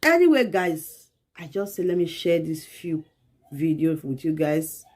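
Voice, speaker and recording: A woman host closes out her video by speaking straight to her viewers and calling them guys. Her voice sits a little low. Her manner is plain and direct. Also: big pitch swings, measured pace, a little mellow. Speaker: channel host.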